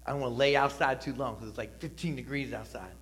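A male pastor preaching a sermon, calling on the congregation to respond and swinging between loud emphatic lines and soft, low asides. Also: steady tone, quick pace, a little hiss or hum.

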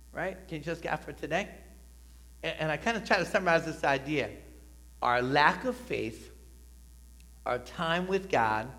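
A man's voice: a little high, fairly bright tone. A middle-aged man preaching a sermon to a church congregation, talking conversationally with emphatic rises and frequent "right?" asides. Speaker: pastor. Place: church sanctuary.

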